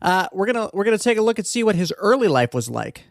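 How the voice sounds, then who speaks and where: A male podcaster talks loosely and crudely, drifting off into jokes and tangents as he works through a true-crime story. His voice sits a little high for a man. The sound is close and dry from a desk microphone. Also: big pitch swings, fast talker, creaky, no echo. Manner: rambling, profane, joking asides. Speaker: podcast host. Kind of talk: casual comedic true-crime podcast monologue. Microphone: desk podcast mic.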